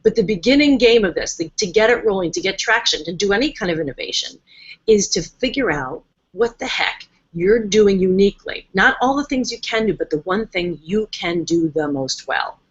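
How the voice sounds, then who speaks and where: A woman hosting a casual live stream and coaching her viewers in a chatty, emphatic way. She often slips into her clients' voices. Her voice sits at a middling pitch, and the stream audio is a little dull and lo-fi. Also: husky. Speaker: host and coach.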